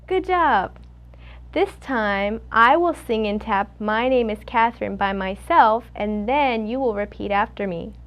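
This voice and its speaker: A young woman acting as a student speech clinician. She demonstrates a therapy session, coaching patiently and praising each try. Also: on the high side. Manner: patient, coaching, gives quick bright praise.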